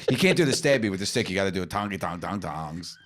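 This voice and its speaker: A man co-hosting a comedy podcast, chatting casually in an animated, joking way, laughing often and swearing freely. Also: sits low, fast. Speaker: podcast co-host.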